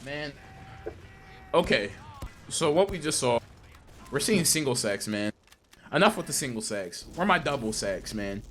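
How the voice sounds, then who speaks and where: A man casting a live esports match, excitable and joking, with lots of slang and repetition. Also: medium pitch, moderate pace, pauses often, soft background music. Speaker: esports caster. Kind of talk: live play-by-play commentary.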